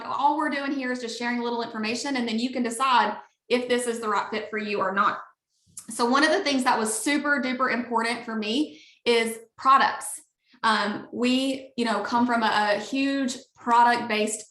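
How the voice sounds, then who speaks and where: On a video call, a network marketing leader with a Southern Alabama twang delivers an upbeat, gushing, chatty sales pitch at normal speed. Her slightly high voice is bright and forceful, echoing in a roomy space.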